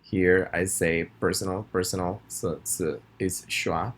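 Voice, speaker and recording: A man with a very deep voice, whose first language is Spanish, leads a recorded pronunciation class. He speaks in a friendly way, saying each word slowly and asking students to repeat after him. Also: fairly even intonation, breathy edge. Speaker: pronunciation teacher. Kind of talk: recorded video lesson.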